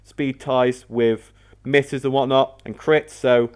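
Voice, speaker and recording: A man's voice: mid-range voice, flat delivery, takes it slowly, a little mellow, clear, resonant tone. A man hosting a casual battle commentary video, rambling and often correcting himself mid-sentence. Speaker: host.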